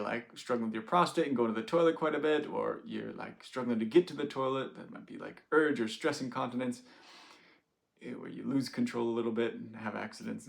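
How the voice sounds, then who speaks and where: A man's voice: medium pitch, gravelly. A man in his thirties, a doctor talking casually to camera, chatty and often laughing, with many "like" fillers. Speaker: doctor sharing stories. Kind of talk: casual direct-to-camera talk.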